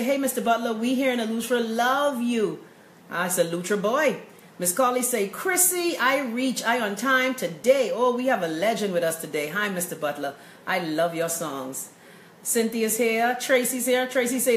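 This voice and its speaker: A woman's voice: fairly high pitch, normal speed, a bit bright. Woman, Bahamian accent, chatty live-stream host, upbeat, echoey room. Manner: chatty, upbeat, greets viewers by name. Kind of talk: live-stream chat, reading comments. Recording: echoey room with faint noise.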